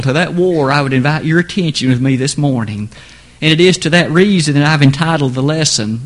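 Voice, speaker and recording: A man preaching an earnest, emphatic sermon in a church, building to exclamations on key words. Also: a little high.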